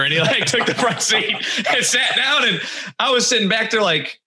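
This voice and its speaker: Bright, lively man telling a story. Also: on the high side, moderate pace. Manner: animated storyteller acting out quotes. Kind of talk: casual storytelling.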